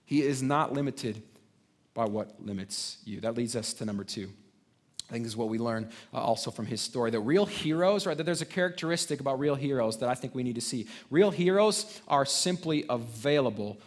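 A pastor delivering a conversational sermon, stumbling over restarts and tossing in tag questions, swinging between loud emphatic points and quiet drops. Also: male voice, medium pitch, lively intonation, brisk.

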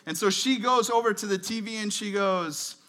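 A man in his thirties giving a relaxed, chatty guest sermon with light humor and lots of fillers. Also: sits high, moderate pace. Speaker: guest pastor. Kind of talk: conversational sermon. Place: church service.

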